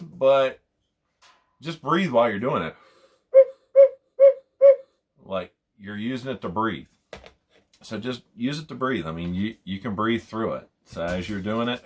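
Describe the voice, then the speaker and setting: A man's voice: fairly low pitch, animated, measured pace, long pauses, fairly bright tone. A young man casually explaining hunting calls, rambling and repeating himself as he demonstrates. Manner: rambling, repeats phrases, imitates owl hoots. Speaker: hunting call instructor.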